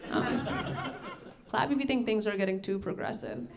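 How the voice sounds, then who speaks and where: A woman's voice: medium pitch, a little slow, vocal fry. A young woman from Texas doing a stand-up set in a comedy club, dry and self-deprecating, laughing into her own lines. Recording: live club audio with loud crowd laughter.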